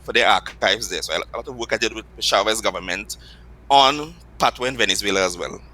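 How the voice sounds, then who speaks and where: A man's voice: fairly low pitch, quick pace, bright, forceful tone, rough recording. A man with a Trinidadian accent, a Patois teacher, patiently explaining the language with examples in an interview.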